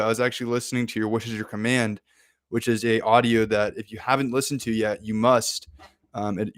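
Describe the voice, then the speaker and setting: A young man, host of a self-improvement podcast, casually telling a personal story in a playful, animated way, acting out his own excited exclamations. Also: medium pitch, no echo, studio quality.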